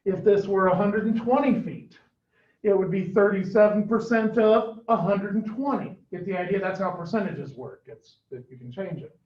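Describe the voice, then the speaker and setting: A man's voice: sits high, moderate pace. A man teaching a math class, quizzing his students with questions as he explains. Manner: questioning, coaxing students for answers. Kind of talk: classroom lesson. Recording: echoey, distant, dull classroom recording.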